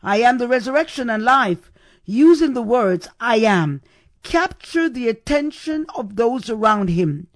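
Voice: mid-range voice, very animated, unhurried, no room sound, studio quality. A preacher giving a sermon, stressing points and repeating key questions for emphasis.

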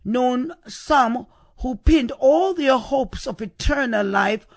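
Slow, fairly high-voiced woman preacher. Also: animated. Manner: repeats phrases and asks the listener rhetorical questions. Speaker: host of a devotional podcast. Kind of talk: devotional scripture reflection.

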